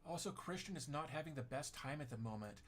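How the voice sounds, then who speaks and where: A man's voice: fairly high pitch, lively intonation, fast, slight background noise. A middle-aged man hosting a casual tech livestream, rambling and self-deprecating as he reads viewer comments, with many fillers and restarts.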